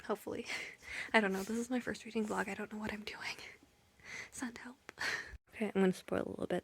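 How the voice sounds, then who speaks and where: A woman's voice: medium pitch, fairly even intonation, brisk, creaky, long pauses, husky, no echo. A tired woman chatting in a late-night reading vlog from home, giggling, rambling and often dropping to a whisper. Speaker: book vlogger.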